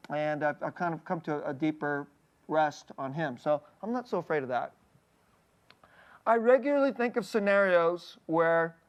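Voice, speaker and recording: A male pastor preaching a conversational sermon in a candid, personal way, often breaking off to restart a thought and checking in with a quick "okay?". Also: on the high side, clear, resonant tone, highs cut off. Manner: halting, restarting phrases mid-thought.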